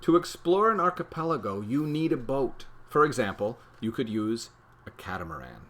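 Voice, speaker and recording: A man's voice: medium pitch, big pitch swings, normal speed, a bit bright, slight background noise. A man co-hosting a family show, reading a picture book aloud with playful, theatrical emphasis and jokey banter.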